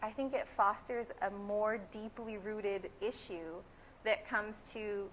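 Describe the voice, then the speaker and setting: Young woman, twenties, from california, interview answers, earnest and opinionated, mid-pitched voice, faint background hiss. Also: fairly even intonation, takes it slowly, low-quality recording. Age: 20s. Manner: earnest and opinionated, building emphasis. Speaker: graduate student interviewee.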